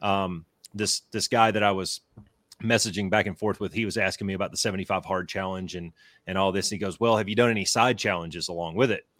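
A man's voice: low voice, fairly even intonation, fast talker, a bit bright, no room sound. A man on a podcast as a guest, easygoing and reflective in casual chat. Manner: easygoing, reflective, says "you know" a lot.

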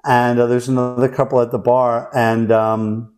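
Man in his forties, podcast host, lively storyteller, middle-range voice. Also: medium pitch, normal speed. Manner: animated, acts out quoted voices. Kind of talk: casual storytelling.

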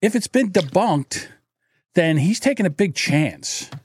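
Lively high-voiced man telling stories. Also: measured pace, husky, dry recording. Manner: animated storyteller, acts out voices in anecdotes. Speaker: podcast co-host. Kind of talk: casual chat. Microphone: studio mic through a mixer.

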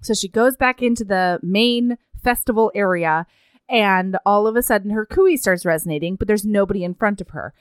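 A woman's voice: medium pitch, normal speed, clean tone, no echo, studio quality. A woman co-hosting a podcast, recapping a book in a giggly, irreverent way and swearing freely. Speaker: podcast co-host. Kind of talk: casual chat, book recap.

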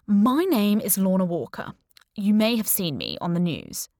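A woman voicing a cheerfully menacing middle-aged male kidnapper in an audiobook, calm and quietly threatening. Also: medium pitch, moderate pace, no room sound. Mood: breezy. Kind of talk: audiobook character voice.

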